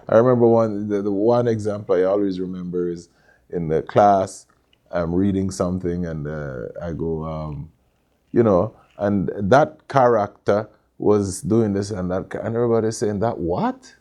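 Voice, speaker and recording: A middle-aged man with a Jamaican accent, telling stories in a relaxed interview with many fillers and restarts. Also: low-pitched. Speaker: interview guest, Caribbean store owner. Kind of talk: casual conversational interview.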